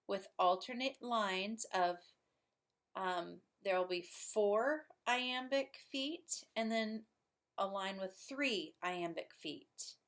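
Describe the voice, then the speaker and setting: Middle-aged lady teacher explaining poetry meter, really unhurried, patient, chuckles a bit. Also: medium pitch, a bit bright. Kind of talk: classroom poetry lesson.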